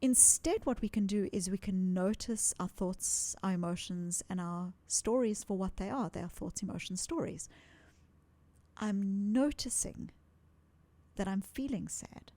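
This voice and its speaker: A woman's voice: medium pitch, a little slow, no room sound. Earnest woman explaining, dry close sound. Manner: earnest, animated, repeats words when emphasising. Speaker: psychologist guest. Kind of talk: interview, explaining ideas.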